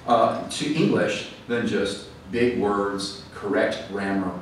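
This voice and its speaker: A man's voice: on the low side, slow. A man giving a talk to an audience, telling stories in a chatty way with fillers and restarts. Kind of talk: lecture to a live audience. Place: library event hall. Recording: echoey hall, mic at a distance, faint noise.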